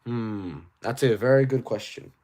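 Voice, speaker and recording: A man with an Australian accent chatting casually on a livestream, reading viewers' questions aloud and answering in a rambling, animated way. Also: medium pitch, slight background noise. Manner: rambling and animated, quick asides. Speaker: toy collector streamer.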